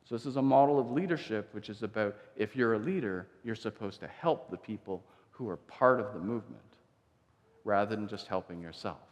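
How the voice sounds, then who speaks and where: Speaking fairly quickly in a lowish voice, a male pastor preaches in a church sanctuary. He acts out the quotes while telling the story in a conversational manner, and the recording carries a long church reverb.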